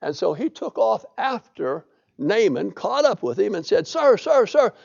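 A man's voice: high voice, very animated, normal speed, creaky, a little mellow. A man preaching a sermon, telling the story in a folksy way and reading scripture aloud. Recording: dull lo-fi recording.

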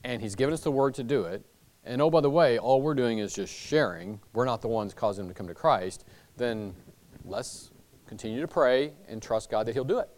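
A man's voice: mid-range voice, lively intonation, a little fast, a little mellow. A man teaching a church Bible class, talking loosely with many fillers and restarts.

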